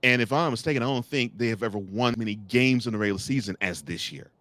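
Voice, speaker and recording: Mid-range in pitch and quick in pace, a sports talk host runs a college football segment. He's lively and full of jokes, turning to address the coaches and officials he talks about as if they were present.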